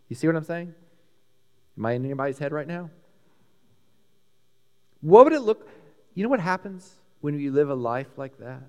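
Animated Texan preacher in a big hall. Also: male voice, mid-range voice. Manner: animated, emphatic preaching with sudden swings between loud and hushed. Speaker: pastor. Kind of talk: sermon.

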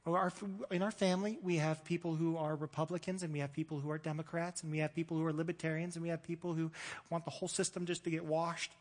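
A man's voice: fairly high pitch, level tone, quick pace. A man in his thirties preaching a sermon as a pastor, talking conversationally with self-deprecating humor and frequent restarts. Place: large church hall. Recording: long hall reverb.

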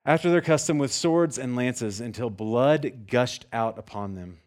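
A man preaching a sermon, reading scripture and explaining it in a jokey, animated way, sometimes acting out scenes with loud shouts. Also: medium pitch, unhurried. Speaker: pastor.

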